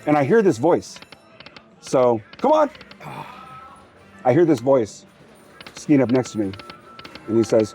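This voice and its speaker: A man's voice: mid-range voice, animated, moderate pace, long pauses, a little mellow, soft background music. A man hosting a slots channel, telling a long story casually while he plays. He rambles, cuts himself off and urges the machine on between sentences. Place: casino floor.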